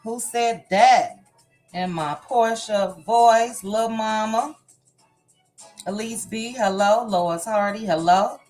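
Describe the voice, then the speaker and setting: Chatty woman livestream host, soft music behind. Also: mid-range voice, slow pace. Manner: reads viewer names in a warm, chatty run of hellos. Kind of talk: casual livestream greetings. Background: faint background music.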